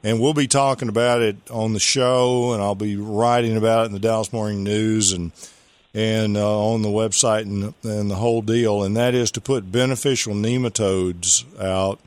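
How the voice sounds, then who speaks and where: A man's voice: lowish voice, fairly even intonation, normal speed, no echo. A man hosting a call-in gardening radio show, giving rambling, folksy advice and spelling out product names.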